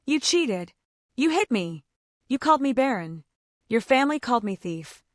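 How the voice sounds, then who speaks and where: A quiet, dignified young wife who holds her ground with calm, voiced by a woman narrator. The voice is somewhat high and lively, recorded dry and close. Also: normal speed, no echo.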